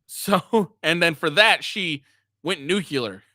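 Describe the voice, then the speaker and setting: A man's voice: a little high, lively intonation, unhurried, pushed and bright, no echo, studio quality. A man giving crude, mocking reaction commentary, swearing and laughing as he talks. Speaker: commentary streamer.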